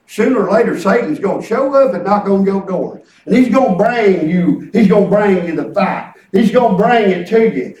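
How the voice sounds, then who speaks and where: An older man preaching a sermon, telling folksy stories and dropping into low muttered asides. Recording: roomy church from far off.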